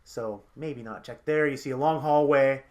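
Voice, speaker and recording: A young man narrating as game master, talking in halting bursts with many restarts and fillers. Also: mid-range voice, a little mellow.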